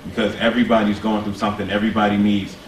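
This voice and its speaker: A man speaking in a casual, animated and heartfelt way on a round table panel in an event hall. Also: fairly low pitch, racing. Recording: echoey hall from far off, noisy.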